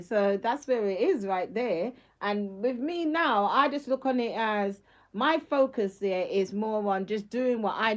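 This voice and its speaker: A middle-aged woman, talking on a casual live stream in an emphatic, slangy way and laughing often. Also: mid-range voice.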